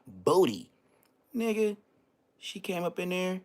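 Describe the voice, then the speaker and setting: A man hosting his own live stream, telling a story in a loose, profane way and jumping into high-pitched exclamations. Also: big pitch swings, takes it slowly. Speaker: livestream host.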